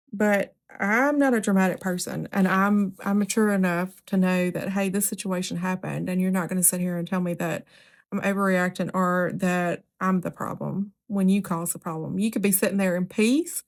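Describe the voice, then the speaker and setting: Woman podcast host, casual solo talk, candid and direct, mid-range voice, loose asides. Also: medium pitch. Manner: candid, conversational, with frequent ums and asides.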